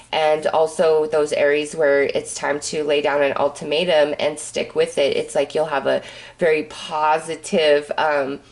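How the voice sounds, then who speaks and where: Chatty woman reading tarot cards. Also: low voice. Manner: chatty, rambling, full of fillers. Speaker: tarot reader. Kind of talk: casual tarot reading monologue.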